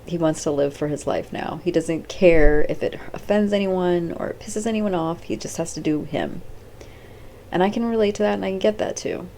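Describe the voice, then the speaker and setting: A chatty woman talks through a show off the cuff in a low, gravelly voice with a mellow, dark tone. She rambles, quotes the characters in quick bits of their voices, and swears freely. A faint hiss sits under the recording. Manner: rambling, chatty, acts out characters' lines with "she's like"; blunt and swears casually. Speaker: host. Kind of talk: off-the-cuff video commentary.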